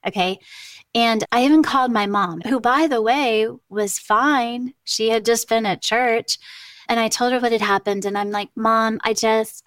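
Middle-aged woman podcaster telling a story, kinda high smooth voice, acts out what people said. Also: fairly bright tone, no room sound. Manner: candid, conversational, acts out dialogue. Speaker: podcast host. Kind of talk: personal storytelling.

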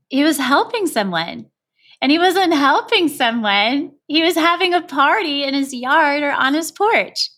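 A woman reading a children's picture book aloud in an expressive voice. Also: fairly high pitch. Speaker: storyteller.

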